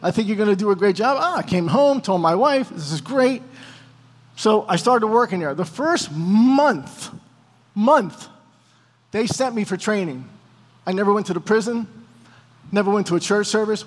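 A man's voice: high-pitched, animated, moderate pace. A man telling a personal testimony to a congregation, acting out both sides of the conversations as he goes. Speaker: preacher giving testimony. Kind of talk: storytelling testimony. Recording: long hall reverb.

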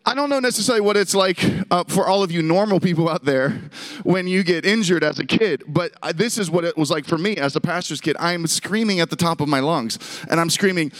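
A man in his thirties from Pittsburgh speaks to a camp crowd, spinning a comic story about himself. His voice sits a little high for a man, and he keeps pulling the audience in with questions and asides. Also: brisk. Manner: animated, self-deprecating storytelling with audience call-and-response. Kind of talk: storytelling sermon.

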